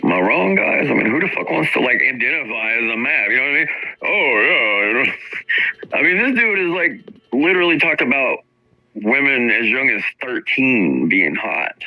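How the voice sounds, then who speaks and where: A man's voice: medium pitch, very animated, moderate pace, dull audio. A man hosting a stream, ranting with mocking, profane commentary about other people. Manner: combative, mocking, swears constantly. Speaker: streamer host.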